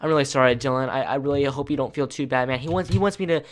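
A young man hosting a gaming channel, chatting casually and excitably with viewers as he plays. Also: mid-range voice, very fast. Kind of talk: casual gameplay commentary. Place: home room at night.

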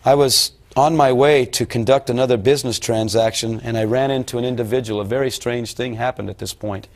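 A man's voice: mid-range voice, fairly even intonation, a little fast, darkish tone. A middle-aged man preaching a sermon about a dream, talking to his audience in a folksy, rambling way.

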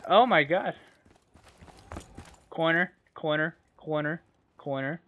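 A man giving excitable live commentary over his own gameplay into a computer microphone, swearing, yelling at opponents and stumbling over his words. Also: fairly high pitch, slow pace, narrow, tinny audio. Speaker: gamer.

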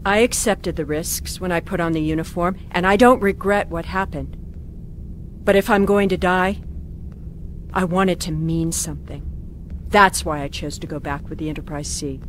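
An actress voicing a resolute female starfleet security officer in a video game, speaking in an earnest, steady way. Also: lowish voice, normal speed, a little hiss or hum, close to an everyday voice. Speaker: game character.

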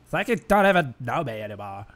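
A young man hosting a gaming session, bantering excitably with friends over voice chat, swearing, laughing and shouting catchphrases. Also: medium pitch, fast. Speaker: gaming channel host.

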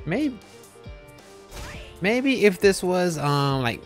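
A man streaming a live game, commenting excitedly, cursing and bursting into shouts. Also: high-pitched, drawn-out words, soft background music.

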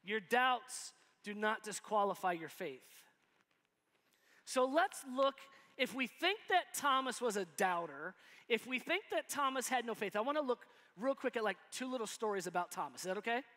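A man with a high, bright, ringing voice preaches a sermon in a casual, playful way. He jumps into quick acted-out bits of dialogue to make his points, and his voice carries a long church reverb. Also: expressive. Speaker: pastor. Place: church sanctuary.

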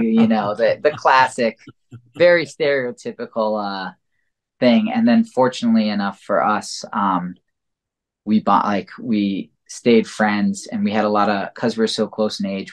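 A man speaking as a guest in a casual interview, rambling and reflective, with many filler words. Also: lowish voice. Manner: rambling and reflective, heavy use of "like" and "you know". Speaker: podcast guest.

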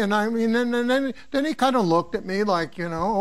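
High-voiced, rambling older professor. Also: male voice, fairly quick, few pauses. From American Midwest. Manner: rambling, anecdotal, asks students questions. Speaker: neuroanatomy professor. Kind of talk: informal exam review lecture.

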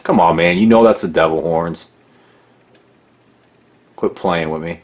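Low-voiced man, sarcastic and rambling. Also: a little slow. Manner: sarcastic, mocking, rambling with restarts. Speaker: documentary narrator. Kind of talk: casual critical commentary.

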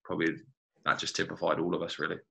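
Brief: low-voiced man with a forceful, bright edge, chatty teammate reminiscing in an interview. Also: little pitch movement, rapid-fire, creaky, low-quality recording. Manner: chatty, fills with "you know" and "like that, like". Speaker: former teammate.

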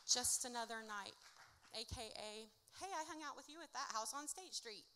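On a theatre stage, an Indiana woman performs rhymed spoken word live, recounting her story bluntly and swearing plenty. She speaks at a moderate pace in a fairly high voice, with a noisy background.

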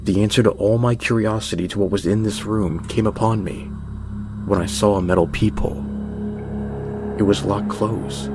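A man narrates a horror story in a measured, tense voice pitched a little low. His delivery stays steady and deliberate. Background music runs under the reading.

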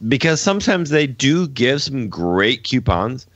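A man's voice: medium pitch, sing-song, measured pace, no room sound, highs cut off. A man co-hosting a casual podcast, asking listeners meandering questions padded with fillers.

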